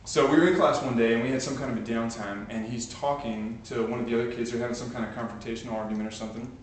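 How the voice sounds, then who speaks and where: This motivational speaker talks very fast, his medium-pitched voice fairly even in intonation. He addresses a live group in a large room, telling stories and rising to pumped-up exhortation. Captured by a distant camcorder, the echoey recording carries slight background noise.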